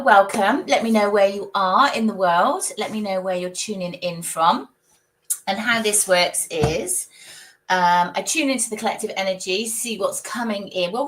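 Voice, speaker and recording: A woman with a croaky voice from a coming cold, hosting a live stream as a psychic and chatting casually, greeting viewers by name and laughing often. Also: medium pitch, fairly bright tone. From United Kingdom.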